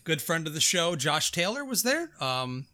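A man's voice: a little high, very animated, normal speed, sharp tone. A man co-hosting a horror podcast in casual, profane chat. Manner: laid-back, profane, enthusiastic. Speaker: podcast co-host.

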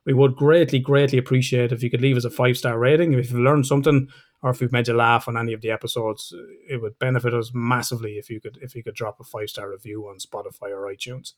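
A man hosts a casual podcast chat at a brisk clip, cursing easily as he wraps up the episode. His pitch sits mid-range for a man, and his delivery is relaxed and conversational. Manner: chatty, swears freely, fast outro plugs. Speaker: podcast host.

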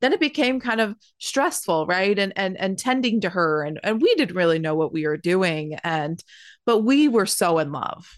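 A woman's voice: medium pitch, lively intonation, normal speed, no echo, studio quality. A young woman, a new mother, chatting earnestly as co-host, laughing often and repeating words. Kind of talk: casual chat.

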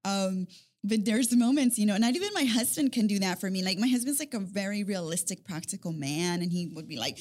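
A woman's voice: mid-range voice, lively intonation, a little fast, a little mellow. A woman in casual conversation, talking in long rambling runs with repeated words and frequent laughter. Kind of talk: casual chat.

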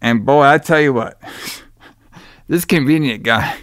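A man co-hosting a horror-movie podcast recaps plot points in a loose, rambling way, laughing and swearing as he goes. His voice is smooth and clear. The recording is dry and close to the mic. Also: mid-range voice, slow, a bit bright, dry recording. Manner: rambling, profane, laughs often. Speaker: podcast co-host. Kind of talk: casual movie-review chat.

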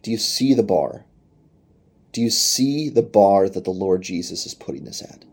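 A man's voice: deep voice, lively intonation, normal speed, creaky, darkish tone, slightly rough. A man preaching a sermon in an earnest manner, reading scripture and voicing quoted speech with rising intensity. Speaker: pastor.

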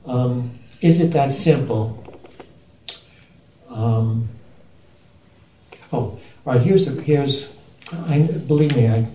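A man asking a long, halting question at a retreat, often restarting and searching for his words. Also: mid-range voice, warm tone, echoey room, distant mic, a little hiss or hum, rough recording. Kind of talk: rambling spoken question.

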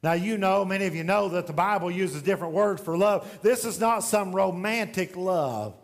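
A man preaching a sermon as pastor in a church sanctuary, swinging between loud emphatic lines and hushed ones. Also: high-pitched, normal speed, in a large hall.

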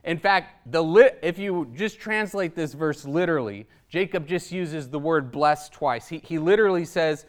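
High, smooth-voiced male preacher. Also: expressive, moderate pace, few pauses. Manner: emphatic, rhetorical, tags points with "right?". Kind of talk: sermon.

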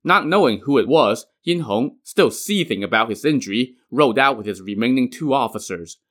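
A man's voice: medium pitch, lively intonation, moderate pace, a bit bright. Male storyteller reading a classic tale. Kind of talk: narrating a classic novel.

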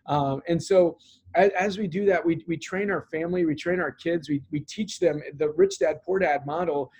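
A man with a fairly high voice answers interview questions in an earnest, conversational way. He talks about his work and goals, often restarting phrases with "um" and repeated words. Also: moderate pace, darkish tone, a little hiss or hum. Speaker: business owner and interview guest.

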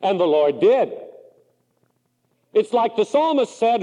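Preacher, male, Pacific Northwest, high animated delivery, churchy hall echo. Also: slow, pauses often. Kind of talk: sermon.

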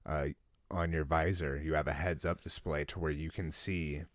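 A man's voice: rumbling low, fairly even intonation, normal speed, no echo, clean studio sound. A man chatting casually as a podcast co-host, rambling loosely with plenty of fillers and swearing. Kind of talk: casual chat.

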